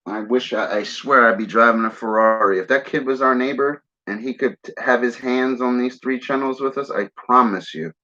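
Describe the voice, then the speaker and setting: Philly-raised male streamer, loose rambling talker with a sharp tone. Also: medium pitch, normal speed, few pauses. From Philadelphia area, US. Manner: rambling, keeps saying "man"; smokes while talking. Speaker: livestream host. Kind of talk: casual livestream chat. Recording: dull lo-fi stream audio.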